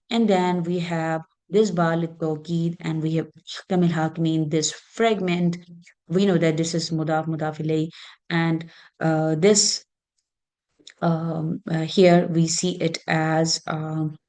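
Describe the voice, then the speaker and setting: A woman teaching an Arabic grammar lesson, explaining slowly and patiently with many fillers. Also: fairly low pitch, darkish tone.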